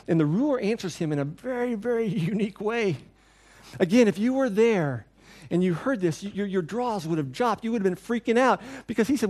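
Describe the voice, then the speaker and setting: A middle-aged male pastor preaching in a loose, conversational way, his voice sitting a little higher than most men's. He is animated, acting out the people he quotes, then turns quiet and soft when the passage becomes tender. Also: quick pace. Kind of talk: sermon.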